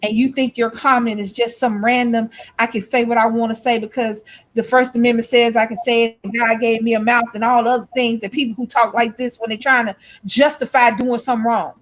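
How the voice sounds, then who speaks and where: A woman's voice: fairly high pitch, fairly even intonation, a little fast. A woman in casual chat, telling stories and speaking emphatically to her audience. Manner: storytelling, emphatic, lectures trolls. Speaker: co-host.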